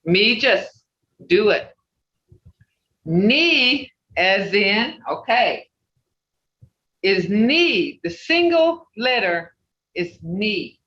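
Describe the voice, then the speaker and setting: A language teacher giving a slow, repetitive pronunciation lesson over a video call, often checking in with "okay?". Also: mid-range voice, big pitch swings, sharp tone. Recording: roomy, muffled video-call audio.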